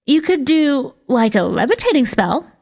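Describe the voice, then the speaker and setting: A young boy, voiced by a woman, tossing off ideas in a casual, offhand way. Slightly louder than the narration, in a storybook reading. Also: high-pitched, sing-song, normal speed, vocal fry, voice pushed up, exaggerated voice.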